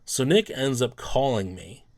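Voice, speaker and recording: A man's voice: medium pitch, very animated, unhurried, a little mellow. A sports card collector, a man, telling a personal story in a loose, rambling way, full of "um" and "you know".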